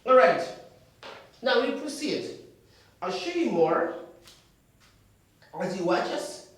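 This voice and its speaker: An English teacher drilling pronunciation, repeating each word slowly in a lesson. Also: mid-range voice, sing-song, very echoey, recorded from a distance. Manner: slow, drawn-out repetition of words.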